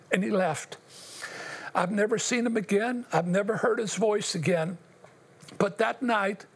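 An older man shares his life story in an earnest, emotional way, speaking straight to the host. His voice sits high for a man and has a rough, husky grain. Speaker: interview guest. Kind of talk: personal testimony.

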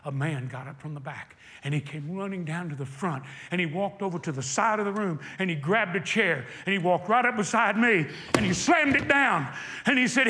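An older man preaching a sermon, telling a personal story and swinging from hushed retelling to shouted exhortation. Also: high voice, lively intonation, normal speed, in a large hall.

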